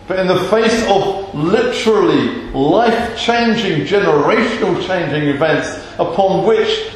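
Emphatic man preaching, higher voice, very echoey church hall, faint background noise. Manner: earnest, emphatic, repetitive. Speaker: pastor. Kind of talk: sermon.

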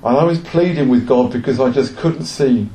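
A man's voice: medium pitch, moderate pace, mellow. A male preacher giving an earnest sermon, asking the congregation rhetorical questions. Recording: echoey room.

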